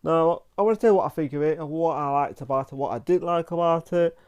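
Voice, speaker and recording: Rambling man with a mellow voice. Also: on the high side, clear, resonant tone, lo-fi sound. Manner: rambling and halting, with frequent restarts and "like" fillers. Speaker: film reviewer. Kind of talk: casual spoken film review.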